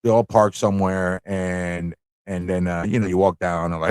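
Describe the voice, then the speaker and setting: A man's voice: sits low, fairly even intonation, moderate pace, a little mellow, smooth, no room sound. A man from New hosting a live online show, telling rambling, laughing stories with plenty of swearing. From New York City. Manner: rambling, laughing, profane storytelling. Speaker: show host. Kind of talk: casual live-stream chat.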